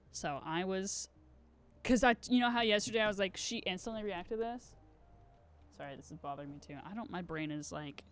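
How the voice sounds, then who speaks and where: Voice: mid-range voice, a bit bright. A live streamer in casual gaming stream chat, rambling and self-deprecating with giggly asides.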